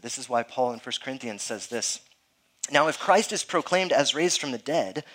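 A pastor in his thirties preaches with earnest emphasis, keeping an easy, conversational tone. His voice sits at an ordinary middle pitch for a man. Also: fairly bright tone, rough recording. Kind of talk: sermon.

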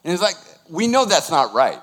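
A man in his sixties preaching a sermon as pastor, animated and emphatic, putting questions to the congregation. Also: on the high side, normal speed, long reverb tail. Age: 60s.

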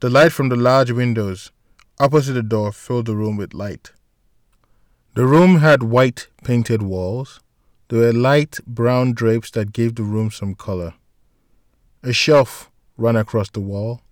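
Brief: male narrator, mid-range voice, steady measured read, close and dry, no room sound. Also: mid-range voice, no room sound. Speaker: audiobook narrator. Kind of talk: scripted narration.

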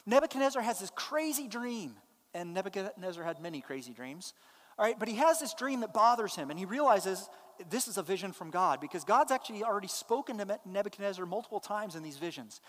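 Pastor preaching, emphatic but chatty, mid-pitched voice ringing in a big reverberant church. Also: animated, fast talker, a bit bright. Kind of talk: sermon. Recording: long hall reverb.

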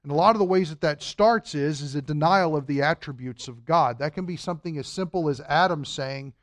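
A male Sunday school teacher walks his class through scripture in an earnest, explanatory manner. He leans on important words and draws them out slowly. His voice sits a little above the usual male range and is recorded with a dry, close sound. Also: fairly high pitch, dry recording. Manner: earnest, explanatory, stretches key words for emphasis.

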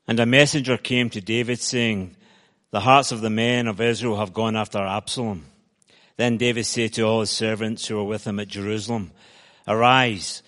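A man from Glasgow with a Scottish accent, reading scripture aloud at a steady, measured pace. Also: on the low side. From Scotland. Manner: steady, measured reading that lifts for quoted speech. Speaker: scripture reader. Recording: long hall reverb.

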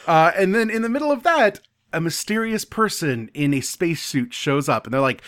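A man co-hosting a podcast, casually recapping a book and quoting characters in quick paraphrase. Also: a little high, very animated, a bit bright, no room sound, studio quality. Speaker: podcast co-host.

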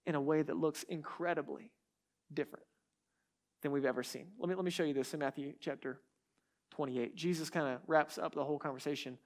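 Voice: medium pitch, fairly even intonation, brisk. A pastor preaching a sermon in a conversational way, with restarts and asides, who repeats key words for emphasis.

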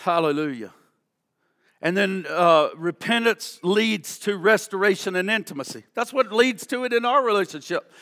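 Male pastor, sermon delivery; very bright, forceful tone, impassioned. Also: sits high, moderate pace. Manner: impassioned preaching, drops to hushed confessional prayer. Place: church sanctuary.

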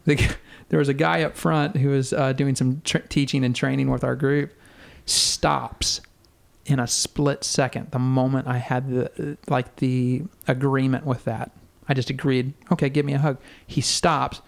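A man's voice: medium pitch, flat delivery, a little slow, creaky. A man guest earnestly recounting a personal faith experience in casual conversation, with frequent fillers and restarts. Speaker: podcast guest.

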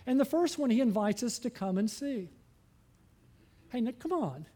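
A male pastor preaching with a high voice and a mellow, dark tone. He sounds earnest and pleading. He keeps putting questions to the congregation and builds to fervent appeals. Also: expressive, normal speed, long pauses. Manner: asks the listeners questions. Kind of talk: sermon.

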